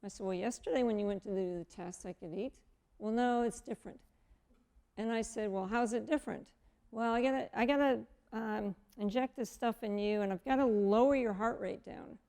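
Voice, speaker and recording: A woman in her fifties telling a personal story as a guest, animated and acting out the dialogue of the people in it. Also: on the high side, moderate pace. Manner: animated, acts out quoted dialogue.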